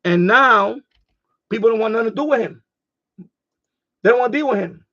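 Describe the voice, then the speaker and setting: A man's voice: high voice, normal speed, sharp tone, muffled recording. A man hosting a casual ham radio live stream, rambling and repeating himself as he gets heated.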